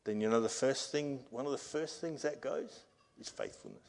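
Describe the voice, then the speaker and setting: A male pastor giving a sermon at a church service through a microphone, earnest and building to loud, emphatic passages. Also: medium pitch, huge pitch swings, moderate pace, vocal fry. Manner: earnest preaching that swells to loud, emphatic reading.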